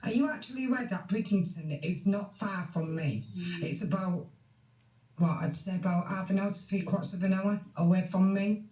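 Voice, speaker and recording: A woman's voice: medium pitch, moderate pace, dark tone, reverberant. A woman in a heated casual voice chat, blunt and sweary as she tells someone off. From Yorkshire, England. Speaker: voice chat participant.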